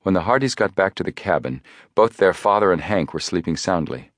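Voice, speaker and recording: A man narrating an audiobook with measured storytelling. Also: low voice, expressive, dry recording, studio quality. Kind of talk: scripted narration.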